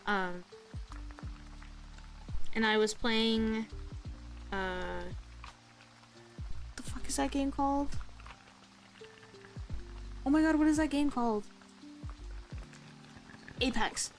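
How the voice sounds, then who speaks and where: A woman's voice: a little high, fairly even intonation, slow, pauses often, soft background music, poor audio. A young woman streaming while she draws, chatting casually in a rambling, self-deprecating way full of fillers. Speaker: art streamer.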